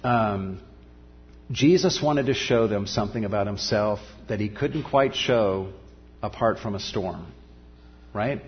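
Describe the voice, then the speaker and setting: A man's voice: a little slow, muffled recording. Earnest male preacher in a reverberant hall. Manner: earnest, building to emphatic peaks then dropping soft and low. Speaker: pastor. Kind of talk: sermon.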